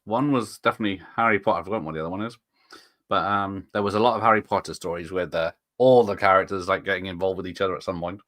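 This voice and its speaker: A man's voice: low-pitched, fairly even intonation, very fast, a bit bright, dry recording, clean studio sound. A man hosting a casual live stream, rambling and chuckling as he reads out viewers' chat comments.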